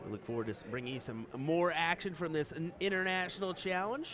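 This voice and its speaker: A man with a Midwestern American accent co-commentating live darts, easygoing and quick to laugh along. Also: on the high side. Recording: loud crowd behind.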